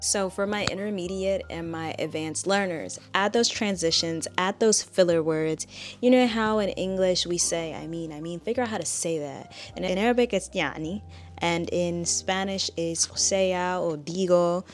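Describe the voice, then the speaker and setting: A woman's voice: on the low side, moderate pace, faint music behind. A woman giving a casual spoken language tutorial, chatty and direct as she coaches the viewer.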